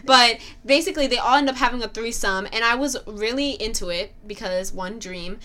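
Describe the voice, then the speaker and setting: A woman's voice: on the high side, brisk, pushed and bright. A young woman chatting casually about a TV show, swearing freely and filling her talk with "like". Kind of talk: casual chat recapping a TV show.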